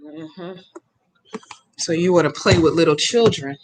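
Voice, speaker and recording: A woman's voice: deep voice, a little slow, slight background noise. A woman hosting a live stream, chatting casually with viewers by name and talking back to their comments in a blunt, profane, outspoken way.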